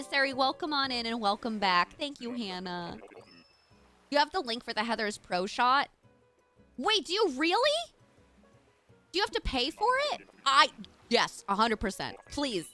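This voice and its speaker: Young woman, streamer, bubbly, casual chat, lively swooping pitch, bright tone. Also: moderate pace, faint music behind. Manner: bubbly, gushing, thanks chat warmly.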